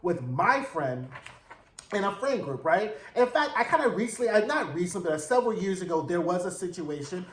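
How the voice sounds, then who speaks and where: A man hosting a casual TV episode recap, slangy and animated, acting out the characters' lines as he retells the plot. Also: sits high, normal speed, slight background noise. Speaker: TV recap host. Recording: roomy echo.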